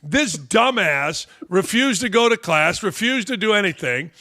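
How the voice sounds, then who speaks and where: A man's voice: sits high, expressive, unhurried, sharp tone. An older man hosting a live fan Q&A stream, talking in a brash, profane, rambling way and telling stories. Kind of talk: casual live-stream chat.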